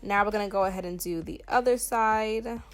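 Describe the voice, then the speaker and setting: Faint music plays behind this twenty-something beauty vlogger as she talks viewers through a hair tutorial in a Southern US country accent. Her medium-pitched voice moves a little fast, and her casual chat is playful and emphatic, packed with fillers.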